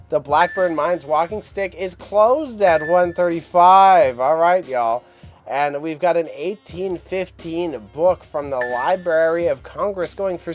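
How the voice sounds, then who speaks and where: A man hosting a live-stream auction reaction in casual, upbeat commentary, chatting to his viewers and his cat. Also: a little high.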